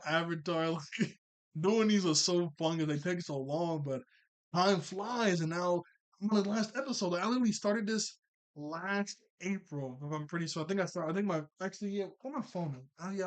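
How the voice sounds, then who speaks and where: A young man talks through a cartoon episode in a loose, rambling way, full of fillers and little laughs. His voice sits a little higher than most men's. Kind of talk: casual recap and chat.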